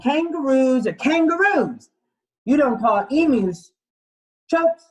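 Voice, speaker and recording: A man's voice: very high voice, voice pushed up, rough recording. A man voicing an exasperated koala who is fed up at being called a bear, ranting in rhyme with casual slang. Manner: indignant rhyming rant with casual slang.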